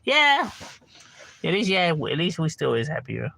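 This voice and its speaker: A man's voice: a little high, wildly swooping pitch, normal speed, creaky, sharp tone, no room sound. A middle-aged man streaming a game from home, ranting casually with lots of profanity and constant "bro.". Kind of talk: casual livestream rant.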